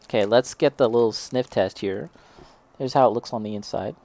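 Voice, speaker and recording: A man's voice: mid-range voice, normal speed, creaky, mellow. A young man casually chatting as he tastes and reviews snacks, self-deprecating and reacting as he eats. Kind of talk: casual snack tasting chat.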